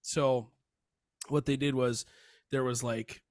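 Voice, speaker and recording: A man's voice: medium pitch, fairly even intonation, a little mellow, no room sound. Man, podcast co-host, rambling casual chat, dry close sound. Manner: rambling, halting, restarts and throat clearing.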